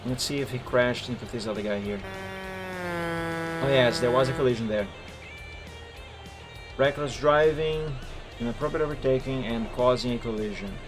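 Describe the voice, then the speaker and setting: A man at an ordinary middle pitch talks through gameplay clips as a live streamer and server moderator. He explains each point methodically, step by step. Soft music runs faintly behind him. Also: normal speed, long pauses. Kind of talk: live-stream commentary reviewing gameplay footage. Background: faint background music.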